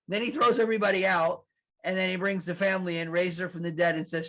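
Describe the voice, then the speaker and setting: Guy pastor giving a sermon, kinda high voice, chatty, animated, lots of restarts. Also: brisk. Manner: animated, acts out quotes, laughs at his own lines; conversational, with repeated restarts.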